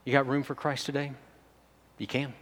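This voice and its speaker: A male pastor gives a conversational sermon and puts direct questions to the congregation. His voice is mid-pitched and steady. A long reverb from the church hall trails his words. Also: moderate pace. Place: church sanctuary.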